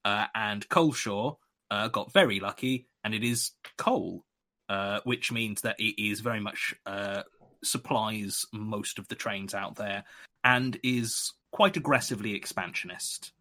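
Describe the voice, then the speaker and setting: A man's voice: fairly low pitch, a little slow, bright, forceful tone. A British man chatting and joking as a player in a tabletop game, rambling with many fillers. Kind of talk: casual tabletop game chat.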